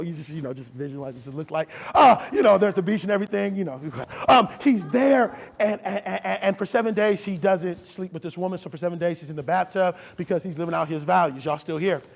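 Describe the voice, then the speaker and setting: A man's voice: high voice, quick pace, gravelly, few pauses. A man giving a motivational keynote speech, preacher-like, leading the crowd in call and response. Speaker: keynote speaker.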